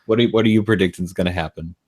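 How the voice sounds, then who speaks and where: Give me a lower-pitched man casually running a podcast, recorded dry. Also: steady tone, rapid-fire, a little mellow, no echo. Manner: steering the conversation, easy laughs.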